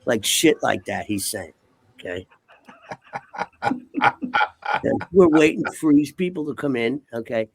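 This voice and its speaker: Gravelly older man telling rambling stories. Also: mid-range voice, sing-song, slow pace, pauses often, very noisy. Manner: profane, rambling, keeps asking okay?. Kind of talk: casual storytelling.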